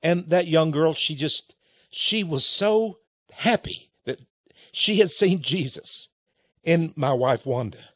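A man's voice: a little high, expressive, slow pace, dry recording. A man preaching a sermon in a folksy, chuckling way, telling a personal story and calling his listeners his friends.

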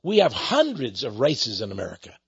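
A man's voice: medium pitch, wildly swooping pitch, fairly quick, gravelly, slightly rough, no echo. A man leading a ministry, preaching in a folksy, rambling conversational monologue that speaks to listeners as folks. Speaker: ministry leader. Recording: dull lo-fi sound.

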